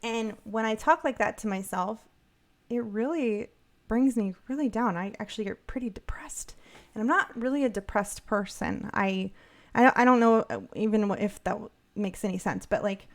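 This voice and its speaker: A woman's voice: a little high, normal speed. A middle-aged woman co-hosting a podcast, chatting casually and upbeat with many fillers and restarts. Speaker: podcast co-host. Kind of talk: casual livestream chat.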